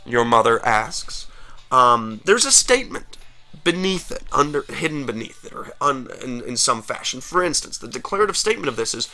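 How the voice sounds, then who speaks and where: A man's voice: mid-range voice, sing-song, normal speed, pushed and bright, soft background music. A man teaching a recorded grammar lesson, talking straight to students with energy and emphasis.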